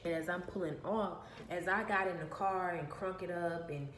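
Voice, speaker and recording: A woman vlogger with a fairly low, slightly bright voice tells a personal story at a normal speed, emphatic and aggrieved, repeating her phrases. She's in an echoey room with faint background noise.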